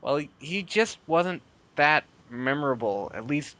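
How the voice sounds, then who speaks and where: A man's voice: a little high, animated, measured pace, fairly bright tone, no room sound. A man hosting a casual podcast chat, laid-back, chuckling often and trailing off mid-thought. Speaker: podcast host.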